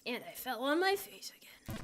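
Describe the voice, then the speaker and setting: A woman's voice: high voice, animated, moderate pace, background noise. A young woman streaming a game, chatting casually and playfully answering her viewers. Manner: playful, reads and answers chat. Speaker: VTuber streamer. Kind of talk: casual gameplay chat with viewers.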